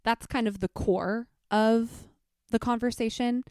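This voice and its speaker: Candid young woman host, smooth voice, dry close mic, reflective and chatty. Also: a little high, steady tone, unhurried, darkish tone, no room sound. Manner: candid, reflective, with frequent fillers. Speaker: podcast host; teacher. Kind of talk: casual solo podcast talk.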